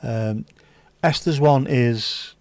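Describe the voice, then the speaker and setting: A man's voice: medium pitch, very slow, a little mellow, no room sound. Guy chatting on a stream, cheeky and sweary, medium voice, dry close sound. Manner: cheeky, banter-heavy, swears freely. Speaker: livestream host serving virtual drinks. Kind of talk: casual chat.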